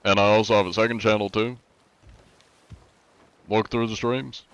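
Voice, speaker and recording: A man's voice: lowish voice, flat delivery, moderate pace, fairly bright tone, clear, resonant tone, muffled recording. Laid-back American man chatting with viewers. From USA. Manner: laid-back, rambling, many fillers like "like". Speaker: streamer. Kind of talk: casual chat with viewers while gaming.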